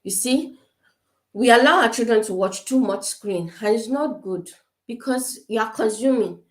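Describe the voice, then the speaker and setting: An African woman talks to parents in a relaxed online chat, her voice on the high side and at a normal pace, with a reverberant sound from her video-call webcam. She's earnest and keeps repeating points, with lots of fillers and restarts.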